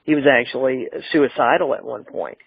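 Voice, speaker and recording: A man's voice: medium pitch, normal speed, creaky, slightly rough, no room sound. A man from the American South with a mild Southern accent, hosting a casual interview and agreeing often in a friendly way. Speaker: podcast host. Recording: tinny phone line, dry.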